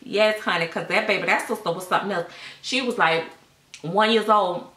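A woman's voice: mid-range voice, normal speed, a bit bright. A middle-aged woman telling a casual storytime at home, chatty and sassy, with a sound recorded in an echoey room. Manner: chatty, sassy, acts out voices in quotes.

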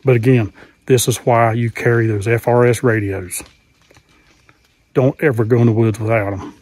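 Guy hiking the woods, talking into his phone, earnest, mid pitch, keeps repeating his advice. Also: steady tone, moderate pace, darkish tone. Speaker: channel host. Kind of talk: outdoor vlog talk. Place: outdoors on a wooded mountain. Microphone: handheld cell phone.

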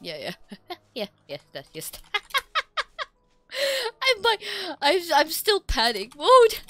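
A woman streaming a game, laughing and swearing in breathless excitement. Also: high-pitched, takes it slowly. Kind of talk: excited gaming stream chat.

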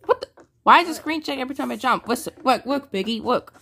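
A woman's voice: high-pitched, lively intonation, fast, gravelly. A young woman casually commenting on a game she is playing, often exclaiming and laughing. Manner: loud exclaiming, frequent laughing. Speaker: gameplay video host. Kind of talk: excited gaming commentary.

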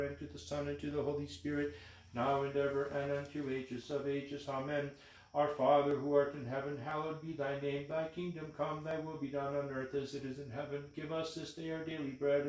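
Man intoning prayers in a ringing church. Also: on the high side. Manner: intoning in an even monotone. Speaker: reader leading vespers. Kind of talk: chanted liturgical reading. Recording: very echoey church room.

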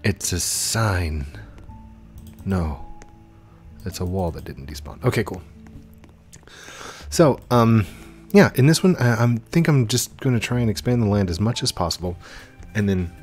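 A young man hosting a gaming channel, giving chatty, excitable gameplay commentary with frequent exclamations. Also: on the low side, unhurried, long pauses, faint music behind.

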